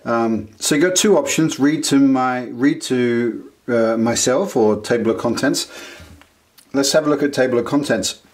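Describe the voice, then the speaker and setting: Casual man walking through an app demo. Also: mid-range voice. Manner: casual, halting with fillers. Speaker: app reviewer.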